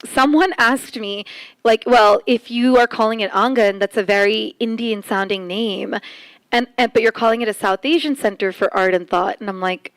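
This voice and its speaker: A woman's voice: fairly high pitch, normal speed, no room sound. A woman speaking on a conference panel in a chatty, joking way, with frequent laughs and filler words. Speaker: panelist and arts center organizer. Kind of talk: casual panel talk. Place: conference room.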